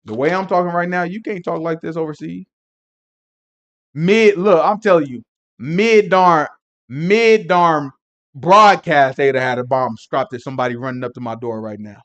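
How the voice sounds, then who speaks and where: A man teaching a Sabbath Bible lesson in an animated, rambling way, laughing often and breaking into emphatic asides. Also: fairly high pitch, moderate pace.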